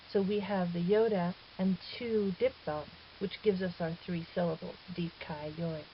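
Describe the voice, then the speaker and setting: A woman teaching a recorded grammar lesson, explaining step by step in a patient, methodical way. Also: lowish voice. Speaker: Greek teacher. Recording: dull lo-fi audio with faint hiss.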